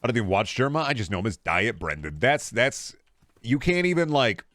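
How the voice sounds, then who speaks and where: A man's voice: mid-range voice, very animated, a little fast, a bit bright, no room sound. A young male streamer riffing on his chat in a crude, sarcastic, casual way.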